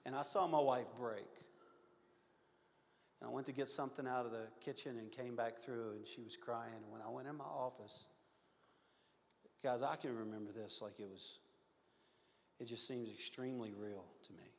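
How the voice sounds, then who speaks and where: Earnest preacher in a reverberant church. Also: male voice, medium pitch, steady tone, moderate pace, vocal fry, long pauses, slight background noise. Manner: earnest, confessional, swings from loud to hushed. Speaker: pastor. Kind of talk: sermon storytelling. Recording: long hall reverb.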